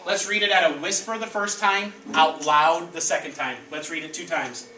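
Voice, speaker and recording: A man teaching a class of children, leading the lesson with energetic call-and-response prompts. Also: on the high side, moderate pace, crowd noise. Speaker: elementary school teacher. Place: elementary school classroom. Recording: echoey classroom, distant mic, background noise.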